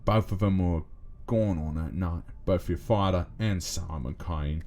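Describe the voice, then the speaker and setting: A man's voice: deep voice, a little slow, a little mellow. A man voicing a shifty male thief under arrest, defensive and talking in a put-on accent he calls bad.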